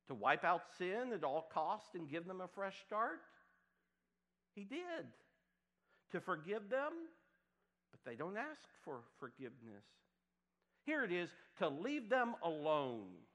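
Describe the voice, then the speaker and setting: A man preaching a sermon to a congregation, swinging from loud emphatic bursts to hushed, quiet lines. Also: a little high. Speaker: pastor.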